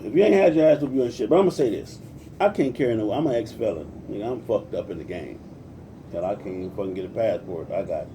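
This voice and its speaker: A man's voice: lowish voice, recorded from a distance, background noise. A man in his forties from Compton, California, ranting in a casual livestream, cursing freely and greeting viewers by name as he preaches. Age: 40s. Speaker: livestream host.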